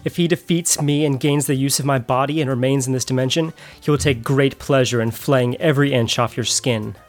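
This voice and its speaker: A man's voice: mid-range voice, fairly even intonation, brisk, soft background music, natural voice. A man voicing a solemn, earnest vampire hunter. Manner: earnest, formal.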